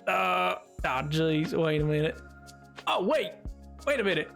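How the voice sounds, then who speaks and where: A man's voice: fairly high pitch, animated, a little slow, gravelly, fairly bright tone, soft background music. A man streamer chatting casually while playing a game live, rambling with stammered restarts and dry sarcasm.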